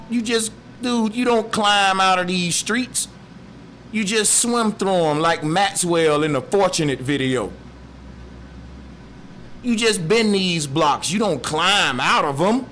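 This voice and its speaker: A man's voice: high voice, lively intonation, slow, fairly bright tone, slight background noise, full character voice. A man voicing a group of dismissive male rats in a maze, who talk in scoffing street slang.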